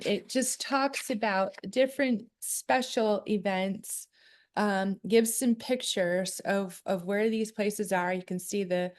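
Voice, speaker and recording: A woman co-hosting a casual chat on clan history and family research, often reading aloud from a booklet. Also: mid-range voice. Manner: chatty, reads aloud from a booklet. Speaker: co-host.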